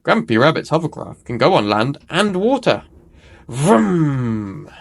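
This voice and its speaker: A man reading a picture book aloud to children, expressive, with small self-corrections. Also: on the high side, normal speed. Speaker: storyteller.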